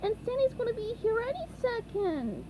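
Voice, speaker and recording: A woman voicing an excitable, childlike male sea sponge in a storybook reading, squeaky, whiny and sniffly. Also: normal speed, background noise. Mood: scared.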